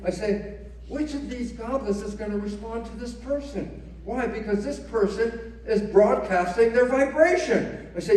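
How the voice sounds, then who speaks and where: Animated man lecturing in echoey hall. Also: very high-pitched, normal speed. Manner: animated, acts out quoted voices, rhetorical questions. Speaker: speaker. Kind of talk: live lecture. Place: large hall before an audience. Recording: echoey hall, mic at a distance.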